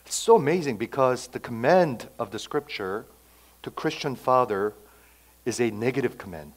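A man preaching a sermon, emphatic, swinging between loud outbursts and hushed asides. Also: mid-range voice, expressive, moderate pace. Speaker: pastor.

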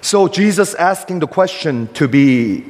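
An older male pastor preaching with lively, swooping pitch that climbs and falls. He presses his points with rhetorical questions, and his voice hangs in the long reverb of a big hall. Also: measured pace. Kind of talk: sermon.

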